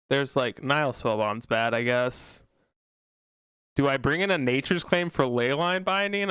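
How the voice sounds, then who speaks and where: Man, casual card game commentary, slow and smooth delivery, pleads and groans at every bad draw. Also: medium pitch, dry recording, studio quality. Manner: pleads and groans at bad luck, loud anguished outbursts. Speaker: gameplay commentator.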